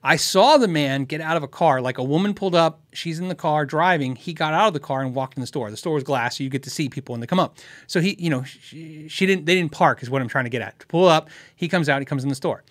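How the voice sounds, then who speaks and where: A man's voice: fairly high pitch, quick pace, no room sound. A man from Tucson hosting a guitar question show, telling a story casually and laughing often. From Tucson, Arizona. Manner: animated, laughs often, acts out quotes.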